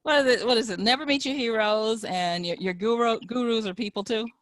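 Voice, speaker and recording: A woman interviewer in a dry, close recording asks her questions with open curiosity. She stumbles through repeated words as she feels her way toward the point, with quick murmurs of agreement in between. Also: a little high, no echo. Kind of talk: conversational interview.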